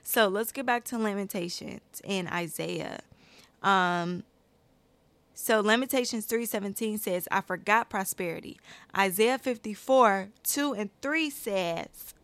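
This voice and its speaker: A woman talks through her Bible study, mid-pitched and animated, often calling her listeners y'all. She reads scripture aloud and her voice swells with emphasis on key lines. The sound is dry and close, with no room echo. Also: unhurried. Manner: speaks with her hands and addresses viewers as y'all. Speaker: Christian video creator. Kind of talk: personal Bible-study talk to camera.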